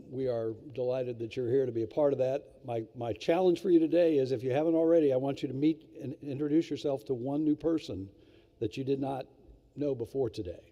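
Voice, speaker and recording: An older man emcees a luncheon in a relaxed, self-deprecating manner, his voice very dark and warm. A long reverb from the large hall trails his words. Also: mid-range voice, lo-fi sound. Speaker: master of ceremonies. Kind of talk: casual emcee remarks.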